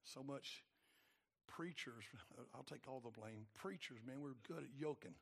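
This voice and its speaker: A man preaching a sermon in a colloquial, emphatic way, moving between quiet asides and loud exhortation. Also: medium pitch, unhurried, gravelly, slightly rough.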